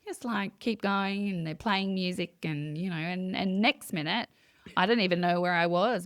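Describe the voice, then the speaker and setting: A woman guest on a conversational podcast, telling a personal story in an animated way and acting out her own quoted thoughts. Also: mid-range voice, fairly quick, no echo, clean studio sound. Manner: many fillers and restarts. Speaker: guest, psychic medium. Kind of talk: casual interview storytelling.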